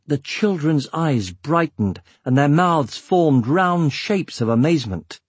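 A man reading an audiobook as narrator, measured and steady, with a husky voice. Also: a little high, dry recording. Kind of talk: scripted narration.

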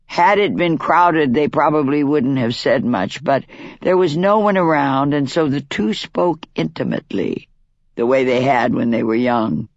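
A man narrating a wry animal fable with deadpan timing and soft, whispery character voices. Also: medium pitch, measured pace, no room sound, dull audio.

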